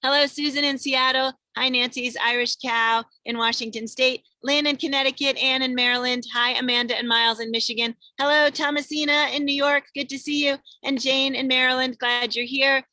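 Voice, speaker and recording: High-pitched and bright with a forceful push, she keeps a fairly even intonation and talks a little fast with few pauses; there's no room sound. A woman greets viewers by name, reading out many of them, while hosting an online singing show over a video call from her parked car on a road trip, chatting in an upbeat way.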